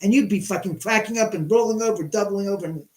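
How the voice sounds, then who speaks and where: Brash needling comic, high and punchy, put on by a man. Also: fast talker, reverberant, close to an everyday voice, poor audio. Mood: mocking. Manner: profane, jabbing, mocking. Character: brash needling male insult comedian.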